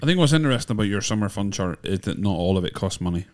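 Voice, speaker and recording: A man's voice: fairly low pitch, lively intonation, rapid-fire, darkish tone. A man hosting a casual podcast, teasing and leading the talk. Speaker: podcast host. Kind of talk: casual chat.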